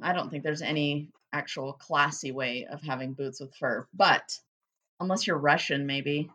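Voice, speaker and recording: Woman co-host, wry and sweary, low and bright. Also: a little slow. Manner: wry, joking, swears casually. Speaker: podcast co-host. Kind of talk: casual chat.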